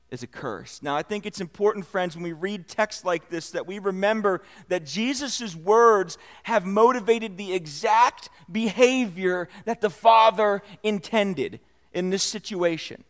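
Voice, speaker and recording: A man preaching a sermon, with expressive delivery that swells and drops in volume for emphasis. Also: high voice. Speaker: pastor.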